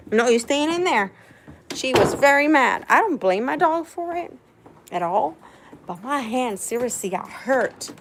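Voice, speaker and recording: A woman vlogging casually, retelling a mishap in an exasperated, animated way. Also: on the high side, slight background noise. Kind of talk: casual vlog storytelling.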